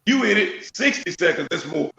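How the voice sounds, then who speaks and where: A man's voice: high-pitched, a little fast, creaky, reverberant, rough recording. A man, a guest drag racer telling stories with a laugh in a casual chat. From Memphis, Tennessee. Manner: animated storyteller, laughs often.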